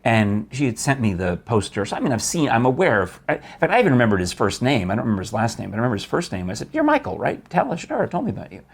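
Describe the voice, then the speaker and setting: A man's voice: on the low side, animated, rapid-fire, hardly any pauses, breathy edge. A man hosting a casual talk show, telling stories in a chatty, enthusiastic way with many restarts. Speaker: host. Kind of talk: casual chat.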